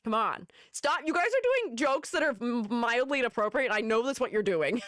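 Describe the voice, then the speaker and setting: A woman's voice: a little high, animated, normal speed, a bit bright, no room sound, studio quality. A woman streamer chatting playfully, laughing often between her comments. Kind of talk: casual live-stream chat.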